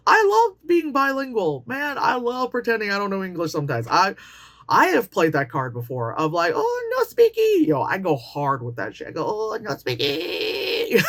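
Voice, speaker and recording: A woman in her late thirties giving a casual, profane movie review, animated and often mocking characters in put-on voices. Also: on the low side. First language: Chinese. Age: late 30s.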